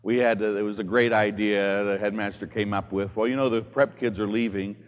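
Animated priest preaching in a reverberant hall. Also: male voice, lowish voice, a little fast, clean tone, muffled recording. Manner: animated storytelling, swings from hushed to shouting. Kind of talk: homily.

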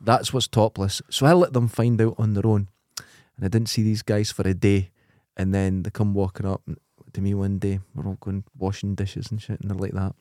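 A man's voice: lowish voice, level tone, normal speed, few pauses, warm tone, dry recording, clean studio sound. A man co-hosting a podcast, telling wry anecdotes in a crude casual chat. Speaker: podcast co-host.

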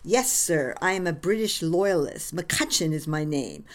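A polite male messenger insists on being heard, as a woman reads him. Low and unhurried in delivery, firm without rising. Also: animated. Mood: insistent. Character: urgent loyalist messenger, man, insistent.

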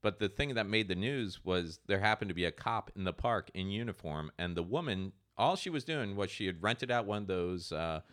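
A man hosting a podcast, chatting casually and telling loose stories with animated quoted lines. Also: sits low, moderate pace, few pauses, no echo, clean studio sound. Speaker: podcast host. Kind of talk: casual chat.

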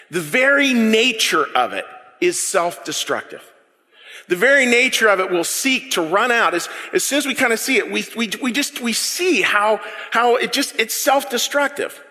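A man preaching a sermon, animated and repeating words as he builds his point. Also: high voice, big-room sound. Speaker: pastor.

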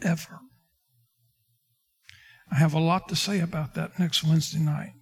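Man pastor, high-pitched, preaching a sermon and acting out scripture scenes. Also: little pitch movement, moderate pace, vocal fry, breathy edge, soft background music. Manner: preaching with King James quotes and dramatic retellings.

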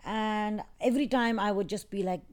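A woman as an interview guest, talking in a soft, halting, reflective way with many restarts. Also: medium pitch. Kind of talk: emotional personal interview. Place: in England.

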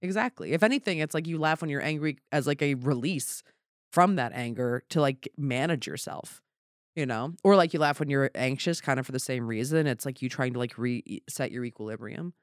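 A man, a comedian, talking in a casual podcast chat, rambling and animated and swearing offhandedly. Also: medium pitch, fairly quick, dry recording, clean studio sound. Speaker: comedian guest.

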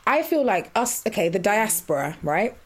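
A woman co-hosting a relaxed podcast conversation. Her voice is mid-pitched and she speaks with enthusiasm, repeating phrases for emphasis. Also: normal speed. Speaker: podcast co-host. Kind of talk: casual chat.

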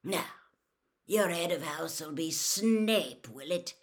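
A woman voicing a gruff, menacing old male wizard in a storybook reading, with a low, gravelly, growling delivery. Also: animated. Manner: blunt, growling threats, drawn-out stress.

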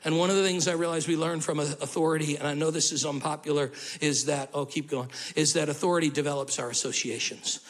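A male pastor preaching a sermon in an animated way, with humorous asides and acted-out quotes. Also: a little high, quick pace, few pauses.

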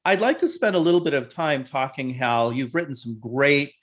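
A man's voice: mid-range voice, moderate pace. A man hosting an interview, affirming his guest and posing long, detailed questions. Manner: friendly, affirming listener who poses long questions. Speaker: interview host.

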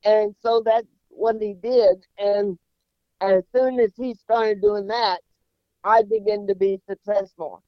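High-voiced man telling a funny story. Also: dry recording. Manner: animated, repeats words when starting sentences. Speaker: guest. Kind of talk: humorous personal storytelling. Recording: slightly dull, muffled sound.

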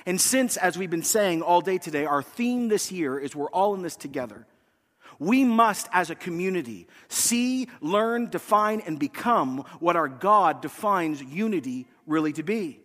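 Pastor guy preaching, tells stories and does little voices, kinda high voice, big echoey church. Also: lively intonation, a little slow, a bit bright. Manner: storytelling, acts out quoted voices. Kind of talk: sermon. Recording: reverberant church hall.

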